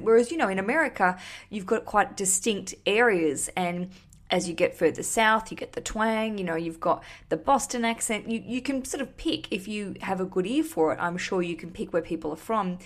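A woman from Australia, hosting a podcast in a chatty, animated way. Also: medium pitch, normal speed. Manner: chatty, animated, swears casually. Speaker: podcast host. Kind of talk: casual podcast chat.

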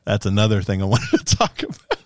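Co-host: man, lively pitch, jokey banter, dry studio sound. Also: fairly quick, no room sound. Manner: animated, joking, laughs a lot. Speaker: podcast co-host. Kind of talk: casual chat.

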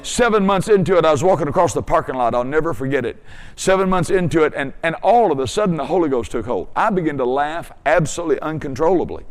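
A man's voice: a little high, lively intonation, quick pace, big-room sound. A man preaching a testimony sermon with fervent, emphatic storytelling.

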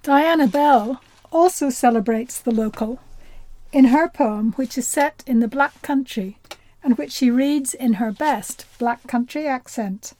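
A woman presenting the programme and introducing each poet with smooth, scripted links. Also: high-pitched, a little slow, mellow. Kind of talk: scripted links between readings.

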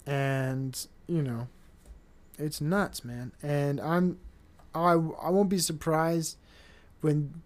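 A man's voice: fairly high pitch, a little mellow. A young adult man hosting a casual solo podcast, rambling and swearing, often mocking other people in put-on voices. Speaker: podcast host.

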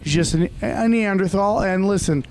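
A man's voice: sits high, normal speed, darkish tone, slight background noise. A man, a comedian, chatting casually about his recent shows. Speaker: comedian guest. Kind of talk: casual chat.

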